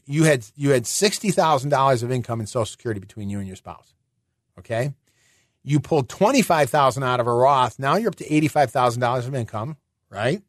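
A middle-aged man hosting a finance radio show, explaining in a chatty way with rhetorical questions and quick restarts. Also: mid-range voice, no room sound, studio quality.

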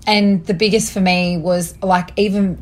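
A woman's voice: mid-range voice, steady tone, normal speed, darkish tone. Chatty Australian woman podcast host. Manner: chatty, candid, laughs often. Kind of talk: casual podcast chat.

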